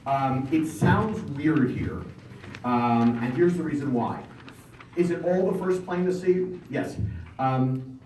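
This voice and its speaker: A man leading a band rehearsal, brisk and encouraging, singing rhythms aloud between instructions. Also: on the high side, darkish tone. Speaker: band conductor. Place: large rehearsal hall with a band. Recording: roomy, distant, noisy rehearsal recording.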